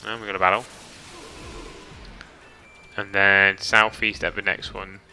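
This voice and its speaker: A man's voice: low voice, little pitch movement, measured pace, sharp tone. A man chatting casually as he streams a game, reading chat and swearing lightly, with faint game music behind. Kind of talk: casual gameplay commentary.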